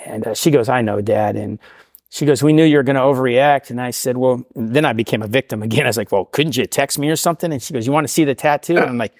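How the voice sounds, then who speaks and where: A middle-aged man from the Portland area telling his recovery story in a casual, animated way, acting out the voices of the people in it. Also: medium pitch, fast, no room sound, studio quality. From Portland, Oregon area. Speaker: guest sharing recovery story.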